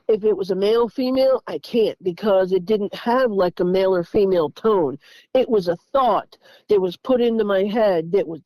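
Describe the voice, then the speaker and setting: A woman, telling her own story in a casual, halting way, with frequent restarts. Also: a little high, warm tone, dry recording, low-quality recording. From Tennessee. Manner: halting, repeats words, restarts sentences.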